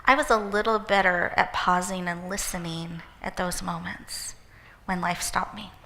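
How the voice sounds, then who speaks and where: A woman hosting an event, giving an inspirational talk with a gentle, encouraging guided visualization. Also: lowish voice, steady tone, normal speed. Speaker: event host and speaker. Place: event hall with live audience. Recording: echoey hall reverb.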